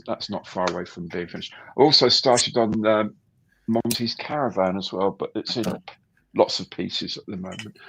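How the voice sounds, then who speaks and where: Gravelly-voiced man hosting a live stream. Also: fairly low pitch, low-quality recording. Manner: chatty, greets viewers warmly by name. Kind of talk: casual live stream chat.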